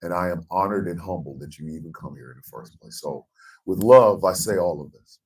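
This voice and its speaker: A very deep-voiced American man hosts a morning radio show, talking in a blunt, impassioned rush. His words are heavily profane. He sits slightly back from the microphone. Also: fairly quick, distant mic, poor audio. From United States.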